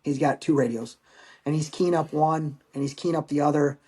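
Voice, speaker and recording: Man telling a halting war story. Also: a little high, steady tone, dark tone. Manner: halting, emotional storytelling with profanity. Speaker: podcast guest, Marine veteran. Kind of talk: personal war story in conversation.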